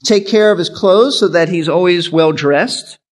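A man's voice: high-pitched, measured pace. A male pastor giving an earnest sermon, teaching in an instructive way and repeating his key points.

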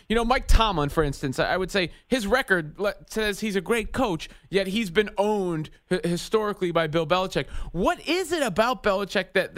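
A man hosts a sports radio show from a studio, asking long conversational questions and often restarting his words. His voice sits a bit high and sounds smooth and resonant. The close studio mic keeps it dry. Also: fairly bright tone, no echo.

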